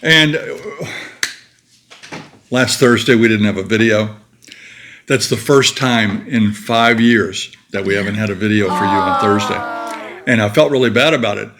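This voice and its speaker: A man's voice: lowish voice, moderate pace, pauses often, noisy background. An older man co-hosting a casual chat show with his wife, joking in a folksy way and reading viewer mail aloud. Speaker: co-host of a retiree channel.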